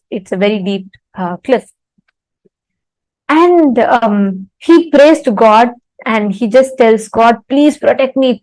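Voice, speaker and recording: A woman leads an online spiritual teaching, slow and deliberate, with a slightly high voice. She asks her audience questions and tells stories, and the sound is dry and close with no room. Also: a little mellow, no echo, poor audio.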